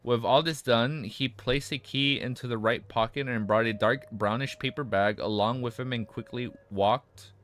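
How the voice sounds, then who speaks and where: Raspy-voiced man reading aloud with asides. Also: mid-range voice, moderate pace, hardly any pauses. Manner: stumbles over words and rereads lines, breaks off into excited asides. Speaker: streamer reading a web novel aloud and reacting. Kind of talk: casual reading with live reactions.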